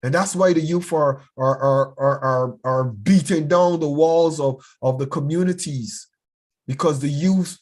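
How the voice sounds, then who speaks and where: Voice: mid-range voice, a little mellow. A bishop teaching a youth class in an urgent, sermon-like way, repeating words as they press each point.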